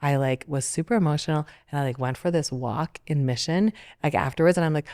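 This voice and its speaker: A Canadian woman in her thirties talks casually and tells her story with lots of fillers and bursts of animation. Her voice sits low and sounds smooth and clear. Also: brisk, a little mellow. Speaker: interview guest, Olympic athlete. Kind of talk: casual panel conversation.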